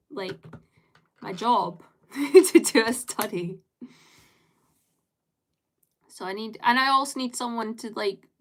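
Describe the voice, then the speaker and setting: A young adult woman live streaming, chatting casually with viewers in a rambling way, full of fillers and light laughter. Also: mid-range voice.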